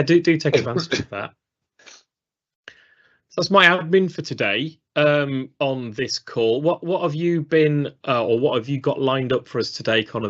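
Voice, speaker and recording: A man from England co-hosting a live training stream, chatting casually and rambling off track on a video call. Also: medium pitch. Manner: rambling, chatty, self-deprecating. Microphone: studio mic on a video call. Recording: slightly dull lo-fi stream audio.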